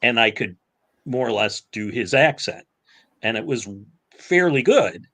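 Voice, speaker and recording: Halting man with a lively, animated pitch. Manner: halting, lots of fillers and restarts. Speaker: podcast co-host. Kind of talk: casual chat.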